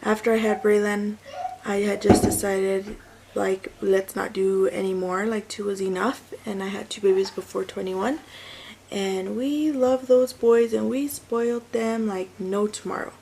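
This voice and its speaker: A woman's voice: medium pitch, steady tone, measured pace, gravelly, dark tone, slight background noise, poor audio. A woman in her thirties, a mother and vlogger, casually telling a personal story and correcting herself as she goes. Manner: chatty, self-correcting, rambling with fillers.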